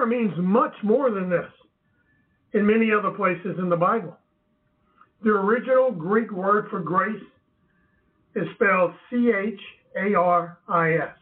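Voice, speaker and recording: A man teaching from the Bible in a measured way, with emphatic asides. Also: high voice, distant mic. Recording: tinny phone-like sound.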